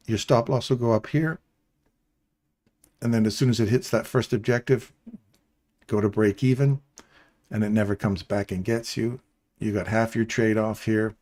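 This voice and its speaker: A man's voice: on the low side, a little mellow. Chatty middle-aged man coaching traders. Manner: chatty, rambling coaching with jokey asides. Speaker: trading stream host. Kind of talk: casual live trading walkthrough.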